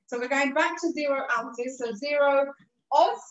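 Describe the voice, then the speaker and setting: A woman's voice: sits high, moderate pace, echoey room, recorded from a distance, lo-fi sound. A woman teaching a live online cooking class, giving patient, encouraging step-by-step instructions, with a cough and a bit of throat trouble. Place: kitchen.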